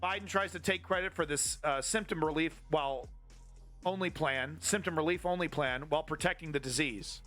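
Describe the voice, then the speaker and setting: A man hosts a live-streamed political commentary show in a fairly high, bright voice. He rants with heavy profanity and biting sarcasm, while faint music plays underneath. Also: fairly quick. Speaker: host.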